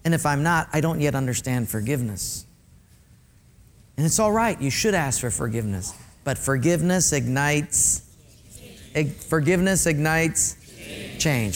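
A middle-aged male pastor preaching a sermon with animated delivery, repeating key phrases for emphasis and talking directly to his congregation. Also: on the high side, normal speed, pauses often, slight background noise.

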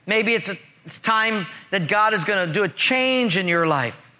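A man preaching a sermon, telling a personal story and acting out the dialogue in lively fashion. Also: sits high, moderate pace. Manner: animated, acts out dialogue in his stories. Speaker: pastor.

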